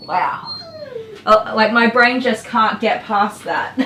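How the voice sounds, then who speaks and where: A middle-aged Australian woman talks to her livestream viewers while she grooms, blunt and exasperated, tossing in mild swears and laughing. Her voice sits a touch high and reaches the mic from a distance. The salon around her is echoey, with faint noise in the background. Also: slow pace, bright, forceful tone. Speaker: dog groomer streaming live. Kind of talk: casual livestream chat.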